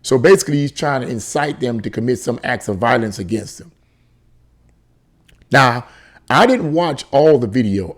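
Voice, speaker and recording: A man reading a news article aloud and breaking off into indignant commentary. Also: medium pitch. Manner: indignant, exclaims and laughs in disbelief. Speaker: commentary channel host.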